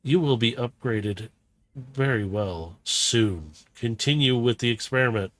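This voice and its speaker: A man voicing a cold, detached male robot scientist who mutters slow, deadpan observations at low volume. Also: natural voice. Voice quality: quiet, deadpan.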